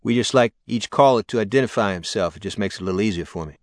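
A man's voice: fairly low pitch, fast, no echo, clean studio sound, lightly acted. A man voicing a polite, businesslike male mayor taking calls on a TV show.

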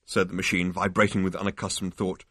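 A man narrating a book chapter in a measured, dryly expressive reading voice. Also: deep voice, breathy edge, no echo, studio quality. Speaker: audiobook narrator. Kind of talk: scripted narration.

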